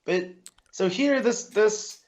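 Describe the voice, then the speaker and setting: A man co-hosting a comic book podcast who talks in a relaxed way and often chimes in with short agreements. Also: high-pitched, slow. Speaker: podcast co-host. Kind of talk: casual comic review chat.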